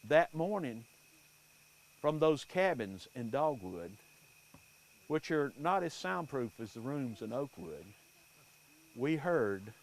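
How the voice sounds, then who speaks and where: A man telling folk tales and superstitions to a live audience in an unhurried, animated way. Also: mid-range voice. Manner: unhurried, animated, folksy delivery. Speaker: storyteller.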